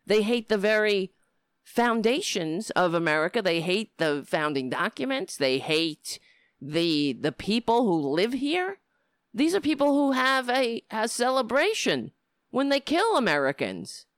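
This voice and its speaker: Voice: mid-range voice, very animated, a little slow, fairly bright tone, clear, resonant tone, no room sound, clean studio sound. A middle-aged livestream host talking straight to viewers, ranting in a heated, profane way and sometimes slipping into easygoing chat. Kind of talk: casual livestream talk.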